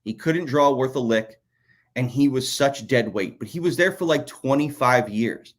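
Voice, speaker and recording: A man's voice: mid-range voice, normal speed. A man co-hosting a podcast, telling a profane, ranting story about his old design job. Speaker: podcast co-host, former toy designer. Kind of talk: casual podcast chat.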